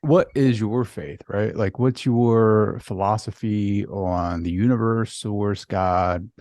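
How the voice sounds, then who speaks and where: Podcast host, super low voice, dry sound, kinda rambly questions. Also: takes it slowly, no room sound. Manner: relaxed, searching, many fillers. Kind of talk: casual interview questions.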